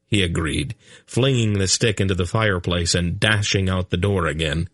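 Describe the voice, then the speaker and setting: A man's voice: low voice, moderate pace, a bit bright, dry recording. A man narrating an audiobook in a dry, comic storytelling manner.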